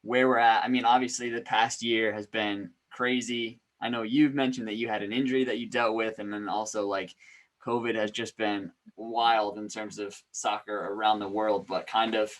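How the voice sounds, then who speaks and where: A male podcast host in relaxed conversation with his guest. He sounds easygoing and agreeable, with plenty of casual filler words. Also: lowish voice, moderate pace, low-quality recording. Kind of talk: casual interview chat.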